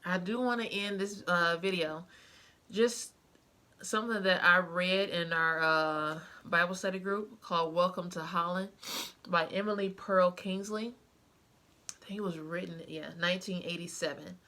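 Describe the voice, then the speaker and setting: Bright-voiced young mother, heartfelt. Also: on the low side, fairly even intonation, unhurried. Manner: emotional, heartfelt, with many fillers. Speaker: vlogger, mother. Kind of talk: casual personal storytelling to camera.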